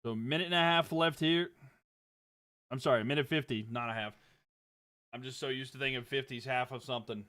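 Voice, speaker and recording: A young man giving casual play-by-play commentary on a livestream, getting louder on big plays and dropping low when he talks to viewers. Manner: rises and quickens on big plays, drops low chatting with viewers.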